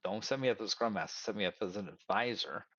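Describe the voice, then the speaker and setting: A man's voice: on the low side, fast talker, a bit bright, no room sound. Man telling career stories, dry dull sound. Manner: storytelling, acts out both sides of dialogues; addresses listeners as y'all. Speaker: career advice speaker. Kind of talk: casual advice talk.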